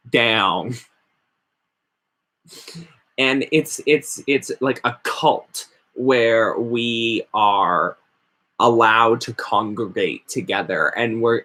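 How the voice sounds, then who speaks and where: Male host, casual rambling chat, husky, very lively pitch, a bit stoned. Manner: rambling, animated, mock-quoting others.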